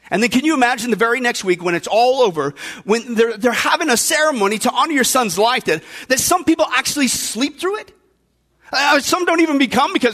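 A man's voice: very high-pitched, expressive, fairly quick, pushed and bright. A man preaching a sermon who keeps putting emphatic rhetorical questions to his listeners.

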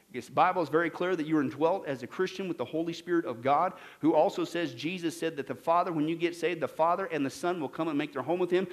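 A male pastor delivering a sermon in a fairly high voice. He talks with emphatic conviction, firing off scripture references one after another. He swings between loud outbursts and hushed, low asides. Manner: rapid scripture citations.

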